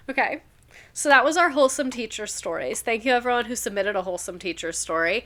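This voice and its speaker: A woman's voice: fairly high pitch, animated, fast talker, fairly bright tone. A young woman chatting casually on a live stream, reading viewer stories aloud and reacting to them. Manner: chatty, reads submissions aloud, reacts emotionally.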